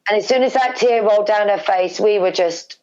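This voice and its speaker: A woman's voice: medium pitch, fairly quick. Emotional middle-aged British woman storyteller. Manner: animated, repeats words for emphasis. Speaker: guest, wrestler's mother. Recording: slightly dull lo-fi recording.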